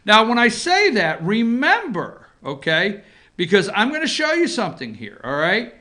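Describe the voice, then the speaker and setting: A male host with a bright, forceful voice talks casually to his audience, leaning on asides to keep them with him. His pitch swings widely as he goes. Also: normal speed. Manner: animated, talks straight to viewers with frequent 'okay?' asides. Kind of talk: casual opinion commentary. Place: office.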